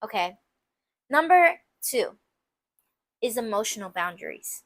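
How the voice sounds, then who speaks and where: A woman's voice: a little high, very animated, measured pace, fairly bright tone, no room sound. A young woman hosting a casual advice podcast, candid and emphatic, full of "like" and playful asides. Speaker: podcast host.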